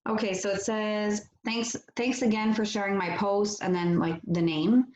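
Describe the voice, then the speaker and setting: A woman's voice: medium pitch, little pitch movement, moderate pace, a little mellow, slight background noise. A French-speaking woman, a guest on a live-stream interview, who talks casually and upbeat with many fillers. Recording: roomy, dull lo-fi audio.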